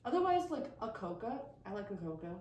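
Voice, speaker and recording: A woman's voice: mid-range voice, big pitch swings, brisk, a loud crowd. Young woman podcast co-host, chatty and laughing, distant echoey mic. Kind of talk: casual chat. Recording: roomy echo, mic at a distance, faint hiss.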